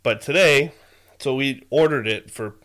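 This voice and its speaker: A man's voice: mid-range voice, a little slow, fairly bright tone. A young man co-hosting a podcast, chatting in an easygoing way and laughing along. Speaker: podcast co-host. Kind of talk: casual podcast chat.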